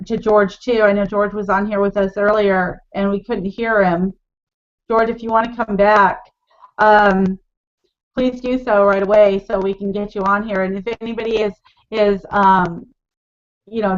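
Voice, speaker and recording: A woman hosting a team video call, thanking speakers and encouraging others to join in. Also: medium pitch. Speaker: team leader and hangout host. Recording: dull lo-fi video call audio.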